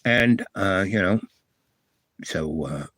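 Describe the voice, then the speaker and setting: Older guy rambling through an old story on his stream, lowish voice, dry, lots of ums and restarts. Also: lively intonation, takes it slowly, a bit bright, no echo. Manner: meandering, many restarts and fillers. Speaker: livestream host.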